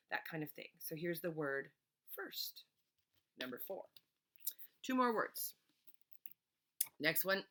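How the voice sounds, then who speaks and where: A woman teacher giving a remote reading lesson to young children, patiently sounding words out slowly letter by letter. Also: lowish voice, sharp tone.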